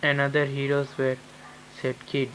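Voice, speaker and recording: A man telling an improvised fan-fiction story in a halting way, with many restarts and fillers. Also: medium pitch, level tone, fairly bright tone, slight background noise, rough recording.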